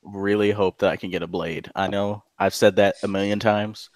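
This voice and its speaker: A man's voice: on the low side, little pitch movement, moderate pace, a little hiss or hum. A young man co-hosting a casual podcast over a call, playful and often laughing. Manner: giggly, playful. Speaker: podcast co-host. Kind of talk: casual chat.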